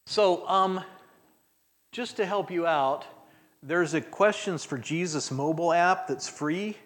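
A man's voice: mid-range voice, a bit bright. A man preaching an interactive sermon in a church, talking casually, polling the congregation and acting out sample prayers. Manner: conversational, acts out prayers in voices, chuckles often. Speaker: guest speaker. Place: church sanctuary.

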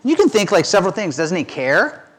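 A man's voice: sits high, very animated, a little fast. A middle-aged man giving a conversational, self-deprecating sermon as pastor.

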